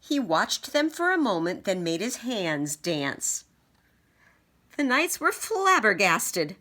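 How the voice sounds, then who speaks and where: A woman reading a children's picture book aloud, expressive and acting out sound effects. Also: medium pitch, slow. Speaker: storybook reader.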